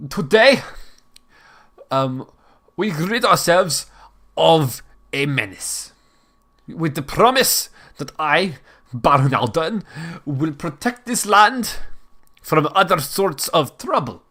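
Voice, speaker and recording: A man's voice: medium pitch, measured pace, hardly any pauses, fairly bright tone, natural voice. A man voicing a pompous, portly baron who reads a decree in a put-on European accent that keeps slipping.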